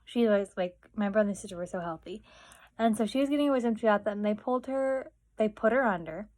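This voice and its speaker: A woman's voice: medium pitch, fast, darkish tone. A young woman vlogging, telling family stories in a chatty way full of fillers and acted-out quotes. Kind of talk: casual storytelling.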